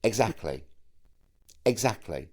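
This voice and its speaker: Camp, animated man, low voice. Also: takes it slowly. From Manchester, England. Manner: camp, animated, with stammered restarts. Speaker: guest, actor and singer. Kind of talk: casual interview chat.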